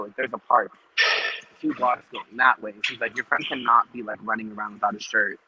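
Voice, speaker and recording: A man's voice: medium pitch, brisk. A man hosting a podcast, chatting casually and acting out other people's lines as he tells a story, with many "like" fillers. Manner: animated retelling with acted-out quotes and many "like" fillers. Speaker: podcast host. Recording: dull lo-fi recording with clear noise.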